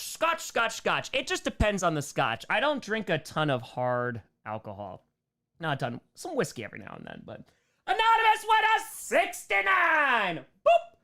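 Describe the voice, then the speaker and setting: Lively upbeat young man on a livestream. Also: high-pitched. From New York. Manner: loose and upbeat, quick thank-yous to donors. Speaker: livestream host answering superchats. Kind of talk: casual live Q&A chat.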